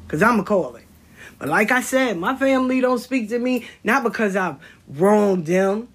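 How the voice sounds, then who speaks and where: A woman giving a blunt, profane monologue as a spiritual content creator, telling stories and preaching about honesty. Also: medium pitch. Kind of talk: casual livestream monologue.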